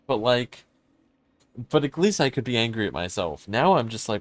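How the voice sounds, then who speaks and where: A man's voice: medium pitch, animated, normal speed. A man streaming a horror game live, talking frankly and swearing as he mulls over a confusing match. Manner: frank, swearing, puzzled and self-critical. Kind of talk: casual gameplay commentary.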